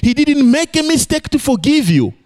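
Preaching at a moderate pace, this man is playful and animated, his sermon alternating between high exclamations and low, emphatic lines.

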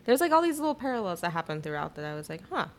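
Young female podcast co-host; lower register, lively storyteller who keeps throwing in quick asides. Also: a little hiss or hum. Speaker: podcast co-host retelling a novel. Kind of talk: casual chat.

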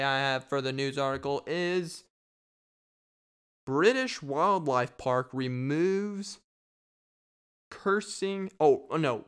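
A man's voice: on the high side, clear, resonant tone. A young man hosting a casual solo podcast, rambling and joking, laughing at his own bits. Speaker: podcast host.

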